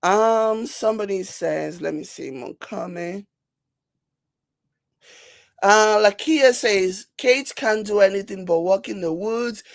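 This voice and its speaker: Slow, animated Nigerian woman commentator. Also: medium pitch, gravelly, dry recording. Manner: animated, laughing, mocking, repeats herself for emphasis. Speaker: commentary channel host. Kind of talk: casual commentary reading viewer comments.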